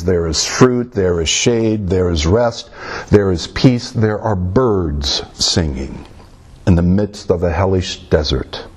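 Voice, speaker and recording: A man preaching a sermon, animated and emotional, acting out the quotes he reads. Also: sits low, husky.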